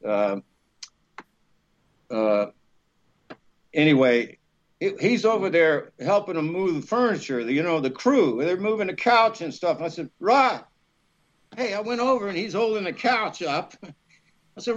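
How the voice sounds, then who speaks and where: A middle-aged man with a fairly high voice tells stories in a relaxed chat, acting out everyone he quotes. He laughs often as he talks. The sound is muffled and lo-fi. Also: measured pace, pauses often. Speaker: actor guest. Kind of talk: casual storytelling interview. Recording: dull lo-fi podcast audio.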